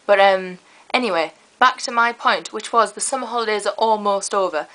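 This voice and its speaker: Teen girl vlogging, bright forceful voice, rambly and chatty. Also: medium pitch, fairly quick, low-quality recording. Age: teens. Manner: chatty, rambling, lively storytelling. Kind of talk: casual chat to camera.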